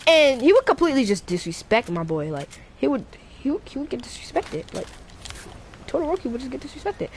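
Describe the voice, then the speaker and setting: A woman's voice: high-pitched, sing-song, a little fast, slight background noise. A woman casually telling a made-up fan story, rambling and slangy. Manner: rambling, slangy, laughs, restarts. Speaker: YouTuber.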